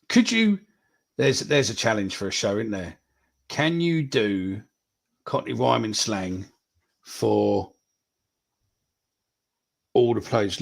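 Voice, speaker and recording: A man's voice: mid-range voice, vocal fry. A man, hosting a casual live podcast chat, swearing freely as he reads out viewer predictions. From England. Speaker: podcast host.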